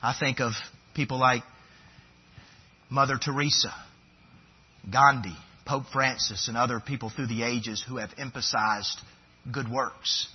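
A man's voice: medium pitch, steady tone, measured pace, pauses often, husky, lo-fi sound. A man preaching a sermon as pastor, building to fervent, emphatic repetitions.

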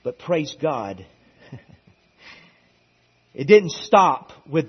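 A man preaching a sermon in a church, moving from quiet asides to emphatic repeated lines, on a dull lo-fi recording. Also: fairly high pitch, very animated, very slow, pauses often, breathy edge. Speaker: pastor. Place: church sanctuary.

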